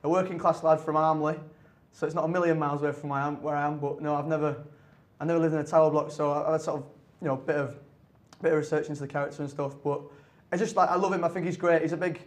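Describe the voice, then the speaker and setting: Young man, rapid and slightly high-pitched, laughing restarts. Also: flat delivery. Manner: quick, laughing banter with frequent restarts. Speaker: actor guest. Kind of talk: casual chat.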